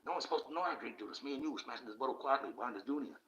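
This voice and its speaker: A man's voice: medium pitch, lively intonation, racing, fairly bright tone, natural voice. A man putting on the voice of an ancient holy man who talks in an offhand, matey, conspiratorial way. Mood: boozy. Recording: dull, echoey room sound.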